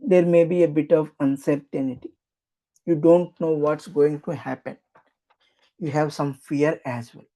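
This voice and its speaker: Slow gravelly meditation guide, very dark tone, soothing repeats. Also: medium pitch, steady tone, rough recording. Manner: slow, soothing, repetitive instruction.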